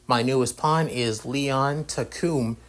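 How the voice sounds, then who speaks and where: Man doing a composed young woman, formal, measured, council president, fan storybook reading. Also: mid-range voice, close to an everyday voice.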